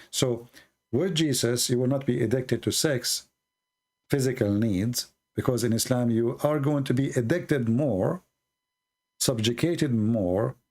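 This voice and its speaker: A man hosting a live call-in stream, earnestly explaining religious ideas with pauses and fillers. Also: medium pitch, gravelly, darkish tone.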